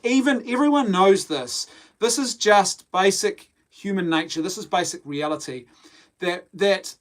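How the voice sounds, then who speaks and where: A man hosting a casual live podcast, reading viewer comments aloud, rambling and laughing often. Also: high voice. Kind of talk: casual live-stream chat.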